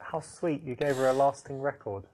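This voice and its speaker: A man coaching and bragging his way through a dating game scene, smooth and full of fillers. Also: mid-range voice, normal speed, heavy background noise. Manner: smooth, boastful, with many fillers. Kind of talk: scripted game dialogue and coaching.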